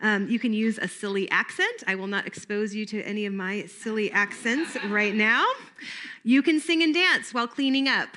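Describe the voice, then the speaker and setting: A woman's voice: medium pitch, moderate pace, bright, forceful tone. A woman giving a recorded training talk in an upbeat, playful teaching manner.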